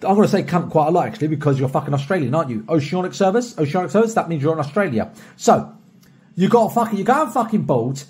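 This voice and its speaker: A young British man recording a personalized video shoutout, boisterous and heavily profane, swinging from soft to loud. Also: a little high, expressive, fast, slightly rough. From Britain. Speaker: streamer recording a paid shoutout.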